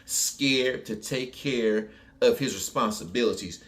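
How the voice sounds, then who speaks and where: A bitter, angry woman grumbling scornfully from a back table, low and under her breath. A man with a New Orleans accent acts her out. Her words come out as resentful mutters. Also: a little slow, a bit bright, lightly acted.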